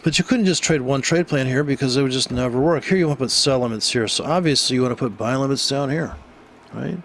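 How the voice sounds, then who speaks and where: A man's voice: medium pitch, quick pace, a little hiss or hum. Blunt, rambling man talking about trading. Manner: blunt, rambling, swears freely, asks rhetorical "right?". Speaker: trading educator. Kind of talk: casual unscripted trading commentary.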